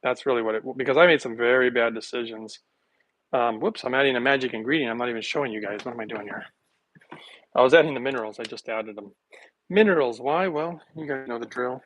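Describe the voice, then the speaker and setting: A man vlogging while making a smoothie, talking in a playful, rambling way to his viewers and laughing often. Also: medium pitch, fast, fairly bright tone, no room sound, poor audio. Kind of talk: casual rambling monologue to camera.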